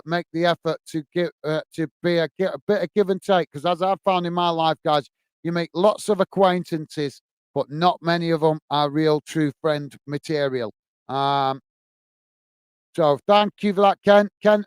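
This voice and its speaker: A livestream host with a fairly high, smooth voice runs a live football watch-along. He reads out comments from the chat and responds in a casual, friendly, chatty manner. The recording has no room sound.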